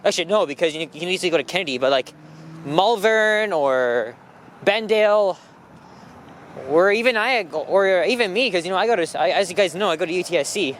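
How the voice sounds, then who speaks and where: A man's voice: sits high, expressive, fairly quick, a bit bright. A man walking a city street as he films, talking casually and rambling with lots of fillers and restarts. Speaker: walking vlogger. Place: outdoors on a busy city street. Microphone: handheld camera mic while walking. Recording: street traffic noise. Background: traffic and passing buses.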